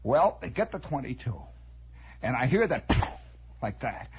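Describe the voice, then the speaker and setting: Animated husky radio storyteller. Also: male voice, mid-range voice, measured pace. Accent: Midwestern American. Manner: animated, dramatic, drops to hushed tones for suspense. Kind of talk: improvised radio storytelling monologue. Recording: dull lo-fi 1960s radio broadcast.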